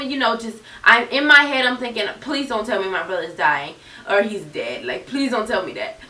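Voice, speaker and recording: In an echoey room with the mic set well back, a young YouTuber in her twenties earnestly tells her viewers a personal story. Her voice is on the high side, pushed and bright, with lively intonation at a normal speed and hardly any pauses.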